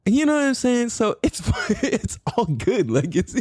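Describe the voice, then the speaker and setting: A man's voice: extremely high pitch, big pitch swings, a little slow, a little mellow, husky, dry recording, clean studio sound. A man hosting a solo podcast, rambling casually, swearing and often laughing. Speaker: podcast host.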